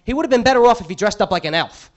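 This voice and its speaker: Lively, high-voiced ranting stand-up comic. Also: male voice, rapid-fire, highs cut off. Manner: exasperated ranting, crude and sarcastic. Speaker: stand-up comedian. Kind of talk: stand-up comedy set. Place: comedy club stage.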